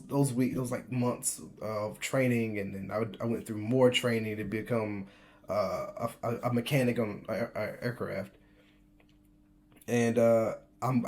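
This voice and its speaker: A medium-pitched, darkish voice belongs to a twentysomething American vlogger telling a story about himself. He's chatty and casual, laughing often and restarting what he says.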